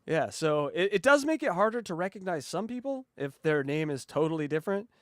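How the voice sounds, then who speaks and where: A man's voice: on the high side, fairly quick, dry recording, clean studio sound. A man hosting a casual podcast chat, swearing freely and acting out radio voices. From West Coast of the US. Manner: profane, animated, mimics radio voices. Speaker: podcast host.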